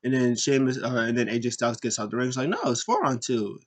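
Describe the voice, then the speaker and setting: A man's voice: flat delivery, very fast. Rambling jokey man recapping wrestling. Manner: rambling, jokey, mimics wrestlers in high squeaky voices. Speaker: wrestling podcast host. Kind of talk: casual recap commentary.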